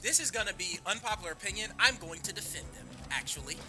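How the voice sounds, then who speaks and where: A man streaming and chatting casually, animated and swearing freely. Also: high-pitched, fast talker, over music. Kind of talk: casual chat.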